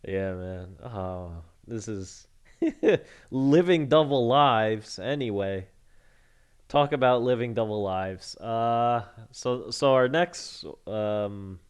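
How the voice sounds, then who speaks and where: A man co-hosting a casual podcast, laid-back and quick to laugh along. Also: lowish voice, smooth. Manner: laid-back, laughs often, short replies. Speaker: podcast co-host. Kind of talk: casual chat.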